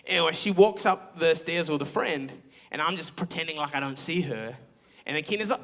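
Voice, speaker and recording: A man's voice: high-pitched, expressive, fast talker, bright, forceful tone. A young man preaching a sermon, telling a candid, self-mocking personal story with lots of quoted asides. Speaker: pastor. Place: church auditorium.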